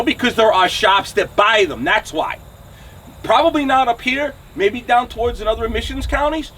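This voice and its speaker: Here the trucking channel host, a man in his forties, has a high, slightly bright voice on a distant mic with a little hiss or hum. Outside his truck shop he rants to camera, angry, blunt, and swearing in a New Jersey accent, constantly asking "okay?" and "right?".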